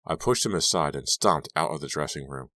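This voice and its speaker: Male audiobook narrator, extremely deep, dry close sound, tense telling. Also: brisk, sharp tone, no room sound. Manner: tense, dramatic storytelling. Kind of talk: scripted first-person narration.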